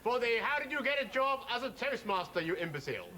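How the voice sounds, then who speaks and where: A man voicing a pompous toastmaster, announcing in a shrill raised voice. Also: sing-song, fast, noisy background.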